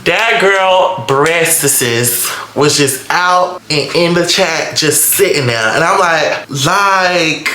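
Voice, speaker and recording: A young man telling a story in a vlog, animated and dramatic, with lots of cursing. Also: on the high side, takes it slowly, slight background noise. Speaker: vlogger. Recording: echoey room.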